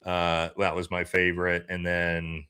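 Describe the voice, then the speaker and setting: A young male streamer chats loosely and reads viewer comments aloud. His voice sits low but comes through bright and forward, with a relaxed, offhand delivery. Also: a little slow, clear, resonant tone. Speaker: live-stream host. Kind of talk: casual live-stream chat.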